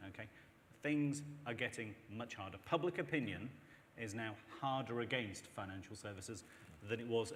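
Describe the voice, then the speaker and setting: Persuasive man speaking in a hall. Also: fairly low pitch. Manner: emphatic, persuasive, animated with mock voices. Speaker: panel speaker. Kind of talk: panel discussion. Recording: long reverb in a hall, faint noise.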